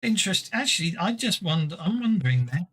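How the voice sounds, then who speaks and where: Bright male game master, halting and amused, fairly high voice, narrating a tabletop game. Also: big pitch swings, slightly rough. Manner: halting, self-interrupting, amused.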